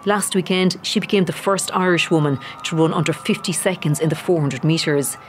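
A reporter narrating a scripted sports feature in a measured news voice-over. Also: medium pitch. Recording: voice-over with faint music.

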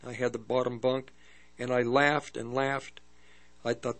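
An older man preaching and telling a personal testimony in a halting storytelling way, with many restarts. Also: medium pitch, flat delivery, fairly bright tone. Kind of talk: testimony sermon.

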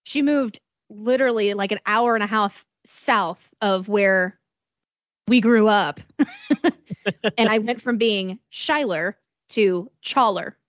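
A woman from southern Illinois, co-hosting a podcast in lively casual chat, laughing often as she tells stories. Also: mid-range voice, slow, long pauses, no room sound, muffled recording. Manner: animated, laughs often, storytelling. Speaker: radio podcast co-host.

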